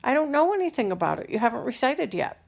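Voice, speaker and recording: A woman voicing a brisk, kindly woman schoolteacher, plain and matter-of-fact, in a storybook reading. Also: high voice, big pitch swings, creaky, pitched above the performer's own voice, full character voice.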